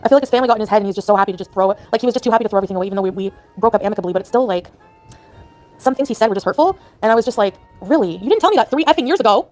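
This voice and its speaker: A woman's voice: mid-range voice, very fast, a little mellow, soft background music. A woman talking in a casual live chat, upset and rambling with lots of "like"s. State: distressed. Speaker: livestreamer.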